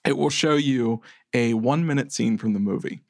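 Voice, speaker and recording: A man's voice: medium pitch, normal speed, creaky, darkish tone, no room sound. A man co-hosting a casual movie review podcast, dry, incredulous and sarcastic. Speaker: podcast co-host.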